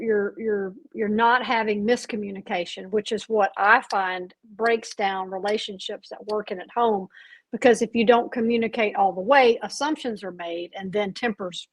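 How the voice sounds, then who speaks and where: A woman's voice: medium pitch, no echo, low-quality recording. A woman hosting an interview, earnestly summing up points with some restarts. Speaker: host. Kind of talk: casual interview.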